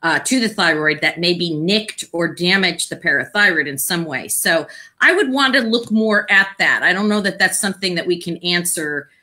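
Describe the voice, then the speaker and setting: A woman guest on a live video Q&A, explaining health topics in a casual, informative way while she keeps clearing her throat and coughing. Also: fairly low pitch, animated, moderate pace, sharp tone. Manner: explanatory, informative, with many fillers. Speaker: guest thyroid patient advocate.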